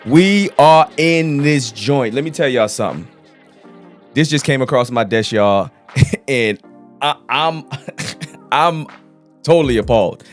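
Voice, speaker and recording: A man hosting an online news show, reacting loudly and expressively in casual slang. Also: mid-range voice. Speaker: host.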